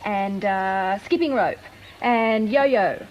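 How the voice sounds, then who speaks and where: A woman's voice: mid-range voice, extremely slow, dull audio. Coaxing Australian woman presenter. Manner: warm, coaxing, giggly. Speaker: children's TV presenter. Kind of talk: children's show presenting. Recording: hissy old VHS tape.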